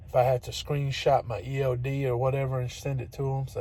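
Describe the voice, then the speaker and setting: A man with a mellow, medium-pitched voice at normal speed vents to his phone camera as a truck-driving vlogger. It's a casual, chatty rant full of exasperation and frequent laughter, set in his truck cab and at a loading dock.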